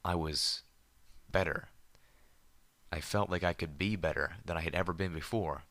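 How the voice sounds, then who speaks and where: Male audiobook narrator, deep and forceful, measured pacing, dry booth sound. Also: no echo. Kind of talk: first-person story narration.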